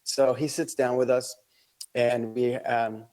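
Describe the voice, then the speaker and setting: A man in mid-range pitch spins a travel yarn on a podcast, loose and rambling, with plenty of ums and little acted-out quotes. The delivery is relaxed and conversational. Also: takes it slowly. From Australia. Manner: rambling anecdotal telling with fillers and acted-out quotes. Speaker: podcast guest. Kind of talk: casual storytelling.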